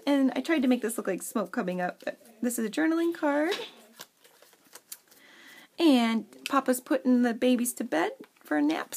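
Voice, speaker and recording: A woman's voice: a little high, a little mellow. A young adult woman casually showing her craft journal and reading its fairy story aloud with dramatic flair. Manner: reads story passages with dramatic flair, chatty asides.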